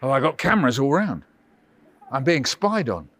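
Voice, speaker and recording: A very animated man with a medium-pitched, fairly bright voice speaks at a moderate pace. He tells playful stories to children in a school workshop held over a video call, teasing them with theatrical, mock-huffy bluster.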